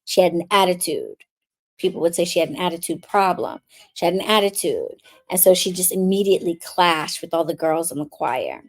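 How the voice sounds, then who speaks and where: A woman's voice: fairly low pitch, expressive, a little fast. Frank, chatty woman host. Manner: frank, swears freely, chatty. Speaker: witch coach and card reader. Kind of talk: candid storytelling and live zodiac reading.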